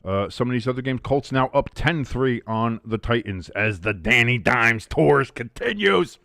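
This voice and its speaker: A man hosting a live game watch-along, calling plays and chatting with loud, profane tangents. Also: medium pitch, unhurried, no room sound, studio quality. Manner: animated play-by-play mixed with profane rants. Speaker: host.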